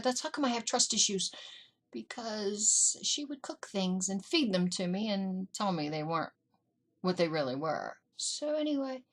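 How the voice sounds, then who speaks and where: A middle-aged woman vlogger telling family stories in a casual, animated way, acting out what her relatives said. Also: mid-range voice. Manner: animated, acts out family members in quotes. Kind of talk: casual storytelling. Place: indoors.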